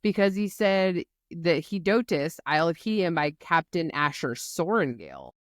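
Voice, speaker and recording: A woman co-hosting a casual book podcast, jumping in with quick reactions and questions. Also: fairly low pitch, very animated, no echo, clean studio sound. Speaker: podcast co-host. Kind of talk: casual book recap chat.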